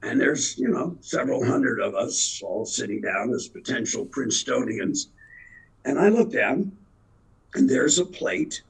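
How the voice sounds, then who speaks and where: A man's voice: medium pitch, very animated, unhurried, creaky, breathy edge, low-quality recording. A man in his seventies, an actor telling rambling, self-deprecating anecdotes in an interview. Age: 70s. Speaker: actor and guest. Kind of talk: storytelling interview.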